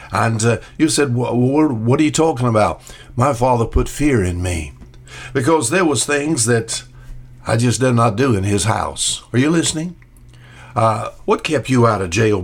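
A man's voice: medium pitch, breathy edge. An older man giving a short radio Bible talk as preacher, folksy, often repeating questions and answering imagined listeners.

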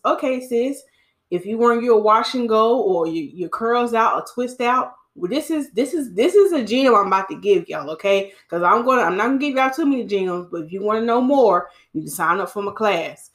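Animated woman hairstylist giving advice. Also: on the high side, normal speed. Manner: animated, preachy, repeats points, addresses listeners as sis. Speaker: hairstylist and podcast host. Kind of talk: casual advice talk.

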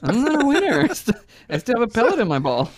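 Animated joking man. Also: very high-pitched, a little fast, no room sound, clean studio sound. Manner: joking, animated, laughs often. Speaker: podcast co-host. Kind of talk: casual storytelling chat.

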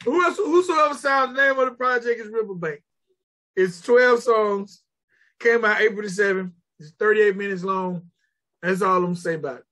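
A woman with a bright, sharp voice running a casual podcast segment. She teases her co-host playfully while walking through the details. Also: mid-range voice, moderate pace. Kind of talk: casual music review chat.

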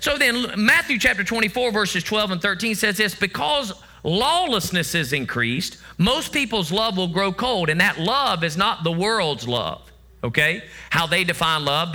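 A man's voice: high-pitched, expressive, normal speed, bright, forceful tone. A man preaching a sermon, emphatic and fond of repeating phrases, sometimes acting out voices. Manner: acts out voices of God and of begging believers.

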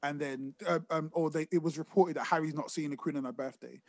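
A young man telling stories on a podcast, animated and swearing, often laughing. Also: fairly high pitch, fairly quick, no echo, studio quality. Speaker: podcast co-host. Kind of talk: casual chat.

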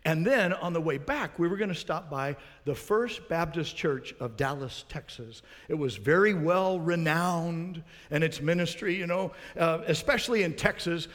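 A man's voice: fairly high pitch, moderate pace, few pauses, a bit bright, big-room sound. A man preaching a sermon as pastor, earnest, putting rhetorical questions to his congregation.

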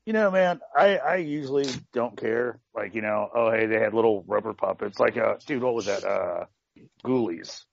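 Man, low voice, gravelly, laid-back podcast banter, dull lo-fi. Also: lively intonation, normal speed, dry recording. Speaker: podcast co-host. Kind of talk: casual chat. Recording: lo-fi recording.

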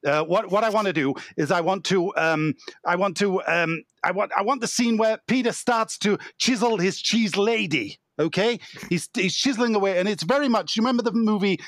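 A man with a fairly high voice plays a gushing film director, fussy and stumbling over his words. He directs the scene in a close, dry recording. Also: moderate pace, hardly any pauses, a bit bright, no room sound. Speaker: improv player playing a film director. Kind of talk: improv comedy.

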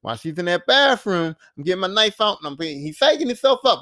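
A man hosting a podcast, casually recapping a TV series in a profane, animated storytelling manner, acting out the characters' lines. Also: high-pitched, fast talker, hardly any pauses, no echo, studio quality. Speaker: podcast host.

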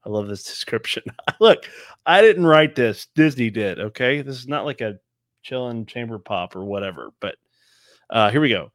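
A man's voice: mid-range voice, expressive, normal speed, no room sound. Dry-sounding man co-hosting a podcast. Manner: jokey, reads descriptions aloud with playful inflection. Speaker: podcast co-host. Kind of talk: casual chat.

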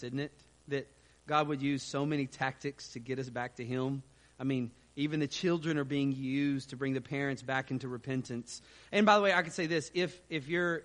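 A man's voice: medium pitch, fairly bright tone. A man preaching a sermon, telling stories in a conversational way with frequent restarts and fillers. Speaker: pastor.

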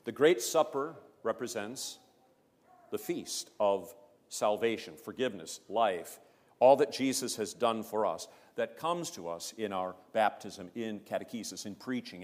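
A male pastor delivering a sermon in a measured, emphatic way, pressing hard on key words. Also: on the low side. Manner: emphatic, measured preaching with rising stresses. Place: church. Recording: long church reverb.

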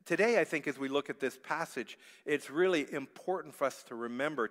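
A pastor delivers a sermon in a church sanctuary, his voice sitting a little high for a man. He moves from quiet, reflective asides to loud, pleading outbursts. A long reverb trails each phrase through the hall. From Canada. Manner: dynamic, swings from hushed to loud pleading.

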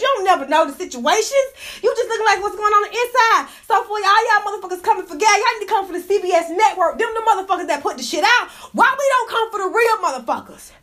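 On her casual gossip livestream, this woman swears freely, rants with fired-up energy, and laughs often. Her voice is very high, piercing, sharp, and bright, picked up directly by a phone mic indoors.

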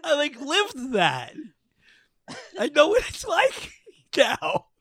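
A man's voice: extremely high pitch, slow pace, vocal fry, dry recording, clean studio sound. A man in his forties co-hosting a podcast, telling crude stories in casual chat with lots of laughter. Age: 40s. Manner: animated, laughing storyteller, crude humor. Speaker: podcast co-host.

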